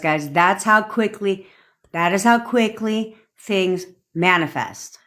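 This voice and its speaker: A woman's voice: mid-range voice, slow pace. Profane storytelling woman on a live stream. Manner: storytelling, profane, emphatic, repeats herself. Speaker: manifestation coach. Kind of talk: casual live-stream rant.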